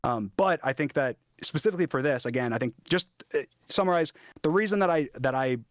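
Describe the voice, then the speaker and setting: A man's voice: a little high, animated, brisk, dry recording, studio quality. A young man talking in a casual debate on stream, hesitant, restarting his sentences and using many fillers.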